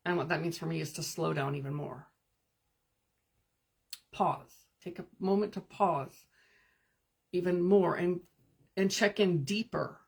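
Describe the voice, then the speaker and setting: Speaking in a husky voice that sits on the low side, a spiritual coach leads a live stream, pausing often as she gives soothing, meditative guidance. She also answers comments from viewers.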